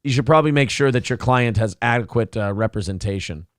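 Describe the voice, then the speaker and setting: A man's voice: medium pitch, fast talker, dry recording, studio quality. A man co-hosting a casual morning talk show, blunt and sarcastic, with plenty of swearing. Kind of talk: casual political talk show, reading chat comments.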